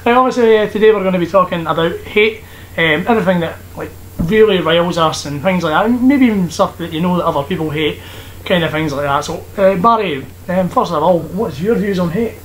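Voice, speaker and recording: A man's voice: high voice, fairly quick, slight background noise, low-quality recording. A young man from Scotland hosting a casual comedy podcast, joking and laughing often with plenty of fillers. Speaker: podcast host.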